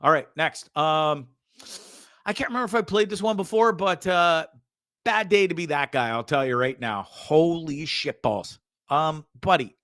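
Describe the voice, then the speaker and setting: A man's voice: a little high, a bit bright, dry recording, studio quality. A man hosting a show, casually commenting on videos with frequent swearing, stammered repeats and laughter. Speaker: show host.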